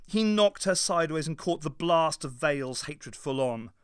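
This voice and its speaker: A man narrating an audiobook in a dramatic, measured reading. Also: fairly high pitch, animated, clean tone, dry recording, studio quality. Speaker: audiobook reader. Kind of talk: scripted narration.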